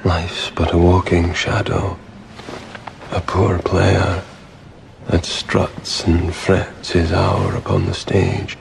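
An actor playing a bleak, world-weary middle-aged king, speaking in a gravelly, brooding way. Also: low-pitched, slow, noisy background, heavily acted. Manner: gravelly, flat, brooding delivery.

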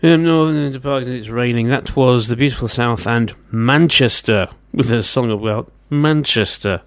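A man's voice: medium pitch, normal speed, no echo. A man hosting a radio show, talking in a chatty, wry way with teasing asides. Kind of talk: casual radio DJ patter.

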